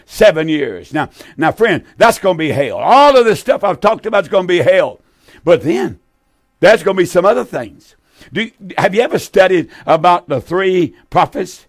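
An eighty-year-old man preaches on television in a fairly high, sing-song voice at normal speed, recorded in studio quality with no room sound. His sermon, which includes a call-in appeal, is fervent and folksy, with key lines repeated and words drawn out for emphasis.

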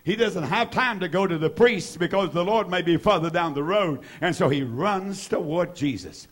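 A man's voice: high-pitched, moderate pace, a bit bright. A man, preaching a fervent sermon in a church service and repeating his praise phrases. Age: 70s. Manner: fervent, repetitive, exclaims hallelujah.

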